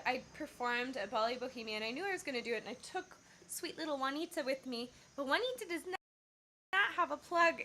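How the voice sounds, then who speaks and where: A woman's voice: on the high side, pushed and bright, slight background noise. A woman singer telling a rambling story on her casual livestream, with many fillers and self-corrections. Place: Bali.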